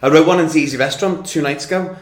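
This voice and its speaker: A man's voice: fairly high pitch, rapid-fire. Cheeky Scouse man, echoey room. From Liverpool, England. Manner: cheeky, crude, gossipy. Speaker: podcast guest, comedian. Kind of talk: casual chat.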